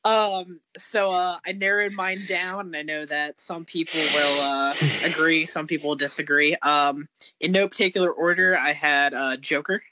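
A man's voice: on the high side, steady tone, normal speed, background noise. A man co-hosting a podcast, chatting with lots of fillers while listing his picks. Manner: filler-heavy, self-conscious, lists picks. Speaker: podcast co-host. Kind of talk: casual chat.

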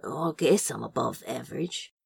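A woman's voice: a bass voice, animated, normal speed, vocal fry, slightly rough, exaggerated voice. A woman voicing a blunt, sardonic man on the phone in an audio drama. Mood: dry.

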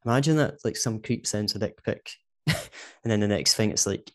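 Chatty Scottish man, low voice. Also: moderate pace. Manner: chatty, laughs often, says "do you know what I mean". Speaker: podcast co-host. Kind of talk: casual chat.

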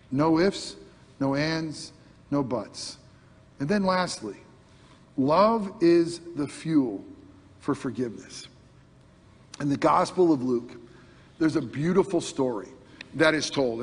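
Male pastor, high husky voice, animated sermon with acted-out voices, long hall reverb. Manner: animated preaching, acts out imagined voices, swings from loud to hushed.

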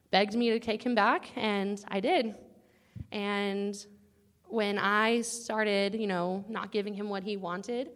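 Young woman, earnest chatty testimony, sometimes near tears, mid-pitched voice. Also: a bit bright. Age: young adult. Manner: earnest, casual, chatty with many likes and guys. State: close to tears at times. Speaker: student sharing a testimony. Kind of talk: personal testimony to a campus group.

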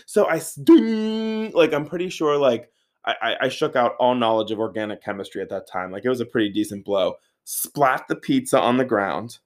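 A man in his thirties telling a casual, animated story, swearing freely and saying "like" a lot. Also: lowish voice, brisk. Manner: animated, profane, filler-heavy with frequent "like".

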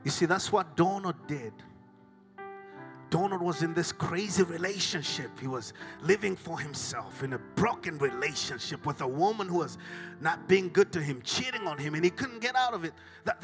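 A middle-aged man from Africa with a Southern African accent, preaching a sermon, swinging from hushed whispers to shouted climaxes. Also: sits high. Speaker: pastor.

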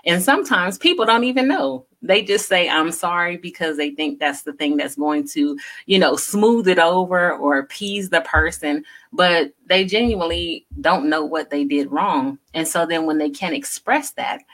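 A woman with a low voice co-hosts a relaxed talk show. She explains things earnestly, often adding "you know" as she goes. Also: moderate pace, few pauses. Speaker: co-host. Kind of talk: casual talk show chat.

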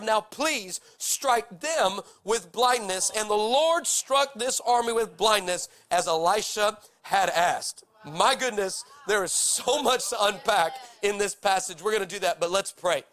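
A man's voice: sits high, fairly bright tone. A man preaching a sermon, reading scripture with dramatic, jokey energy. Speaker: pastor.

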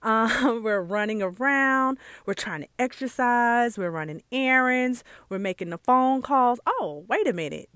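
A woman's voice: fairly high pitch, animated, measured pace, few pauses, a bit bright, smooth, no room sound, studio quality. A woman hosting a casual solo podcast, a jewelry maker talking earnestly and chatting straight to her listeners with lots of asides. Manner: earnest and heartfelt.

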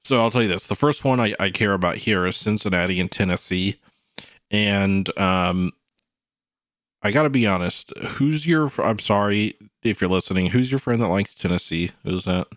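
A man co-hosting a sports podcast, talking in a rambling, animated way full of "you know" and "like". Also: fairly low pitch, moderate pace, dry recording, studio quality. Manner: animated, slips into mock quotes. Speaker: podcast co-host. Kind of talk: casual sports chat.

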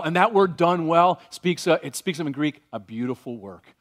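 A man preaching a sermon as pastor, animated and varied, slowing down when he reads scripture aloud. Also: fairly high pitch.

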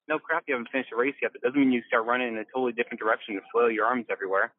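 A man co-hosting a casual coaching chat, emphatic and animated, acting out quotes with the odd swear. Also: mid-range voice, rapid-fire, hardly any pauses. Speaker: podcast co-host, mentor. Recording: tinny phone-like line.

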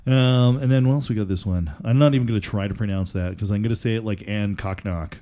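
A man's voice: lowish voice, fast talker, mellow. A man hosting a podcast in casual chat, joking and rambling with fillers. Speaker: podcast host.

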